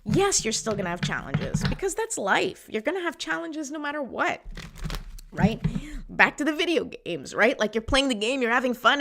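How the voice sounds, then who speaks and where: A woman's voice: a little high, expressive, moderate pace, gravelly, noisy background. Chatty encouraging woman host. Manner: chatty, says "right?" often, warm encouraging. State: voice sometimes gives out. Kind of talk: motivational casual talk to viewers.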